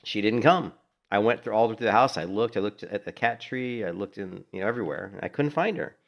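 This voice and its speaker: A man's voice: fairly low pitch, lively intonation, fairly quick, vocal fry. A middle-aged man chatting casually while streaming a game from home, a laid-back, rambling storyteller who swears freely. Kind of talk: casual chat while playing. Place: home in Florida.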